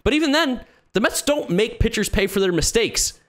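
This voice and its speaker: A man's voice: very high voice, animated, moderate pace. A man co-hosting a sports podcast in casual chat, complaining wryly about his team's poor play. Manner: exasperated, complaining, wry. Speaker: podcast co-host.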